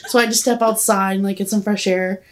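A woman's voice: medium pitch, steady tone, quick pace. A young woman in her twenties telling a long story in casual chat, rambling and giggly, saying "like" constantly. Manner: rambling, giggly, heavy use of "like". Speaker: podcast guest.

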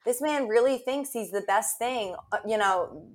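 Agreeable young woman co-host. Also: fairly high pitch. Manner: agreeable, quick to back up her co-host, self-deprecating. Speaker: podcast co-host. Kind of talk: candid casual chat.

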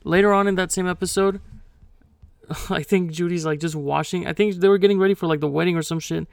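Gravelly, smooth-voiced young man. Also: high voice, fairly even intonation, brisk, no room sound. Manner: hesitant, restarts often, laughs it off. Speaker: podcast co-host. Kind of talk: heated casual discussion.

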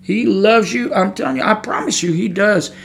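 A man's voice: high-pitched, normal speed, vocal fry, fairly bright tone, slight background noise. A man preaching a sermon on his podcast, talking in a fired-up, conversational way and repeating his points.

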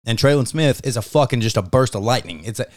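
Male sports-podcast co-host, mid pitch, heated and profane, casual chat. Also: lively intonation, fast talker. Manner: emphatic, profane, fired-up opinions.

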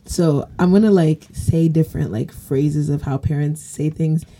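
A woman's voice: sits low, steady tone, moderate pace, mellow, slight background noise. Laid-back woman setting up scenarios. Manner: laid-back, sets up scenarios with fillers and playful quotes. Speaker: podcast co-host. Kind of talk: casual podcast chat.

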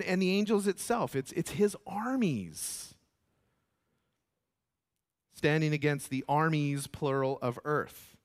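A man preaching a sermon as pastor, animated and often repeating words. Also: high-pitched.

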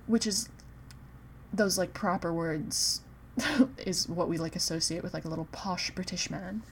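A woman with a slightly low voice chats casually on a podcast, laughing easily and gushing like an eager fan. Faint background noise sits under her voice. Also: a little slow. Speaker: podcast co-host. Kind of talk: casual book-club chat.

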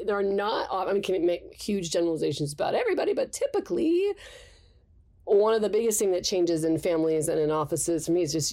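A woman's voice: on the low side, a little mellow. A woman guest psychologist explaining thoughtfully in conversation, with light laughs. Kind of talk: conversational expert interview.

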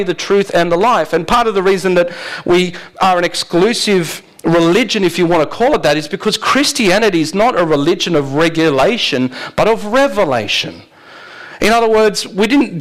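A man's voice: sits high, fairly bright tone, rough recording. A man preaching a sermon in a conversational way, asking the congregation rhetorical questions and often laughing. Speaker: pastor.

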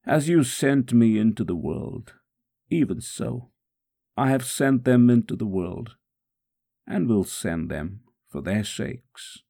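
A slow, gravelly man voicing a suffering savior, praying with steady tenderness while in pain. The voice is husky and worn, each phrase measured and solemn. A devotional first-person dramatic reading. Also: fairly low pitch, exaggerated voice. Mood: prayerful.

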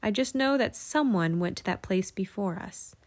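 A woman's voice: medium pitch, animated, moderate pace, lightly acted. A woman voicing a cautious, thoughtful young boy in a storybook reading. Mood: wondering. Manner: earnest, wondering questions.

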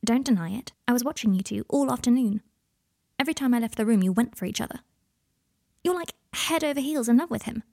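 A woman's voice: a little high, expressive, brisk, creaky, dark tone. A woman voicing a teasing, fond teenage girl in a storybook reading, talking bluntly.

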